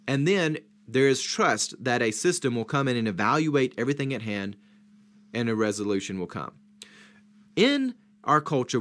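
A man leading a Bible study discussion. He teaches in a structured way, lays out numbered points and rhetorical questions, and leans hard on key words. His voice sits at a middle pitch. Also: fairly bright tone.

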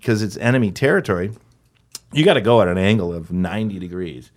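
A middle-aged man, a comedian and actor, telling stories in casual talk-show chat in an animated, profane way with sudden loud, high quoted voices. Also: fast talker. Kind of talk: casual podcast chat, storytelling.

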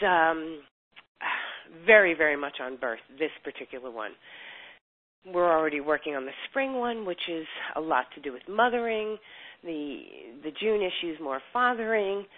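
An older woman with a low voice tells a story as a chiropractor guest in an interview. She acts out the voices of the people in her story. The sound is tinny, like it comes over a phone line.

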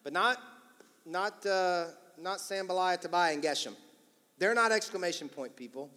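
A male pastor preaching an energetic, emphatic, encouraging sermon in church. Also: sits high, normal speed. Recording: long church-hall reverb.

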